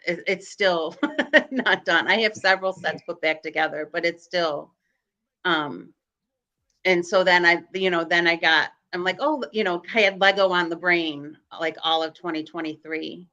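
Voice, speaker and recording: A woman's voice: fairly low pitch, unhurried, pushed and bright, lo-fi sound. A woman with a Chicago accent, a guest on a live-streamed video call, telling rambling stories full of fillers and restarts. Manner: rambling, filler-heavy storytelling. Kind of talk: casual chat on a live stream.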